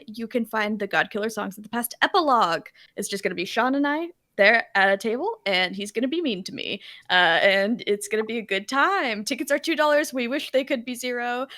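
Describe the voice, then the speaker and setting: Casting note: woman, mid pitch, some vocal fry, dry close mic, rambling and giggly delivery. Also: no room sound. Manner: rambling, giggly, warm chatter with fillers. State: emotional, near tears. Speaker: player. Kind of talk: casual chat, plugging upcoming shows.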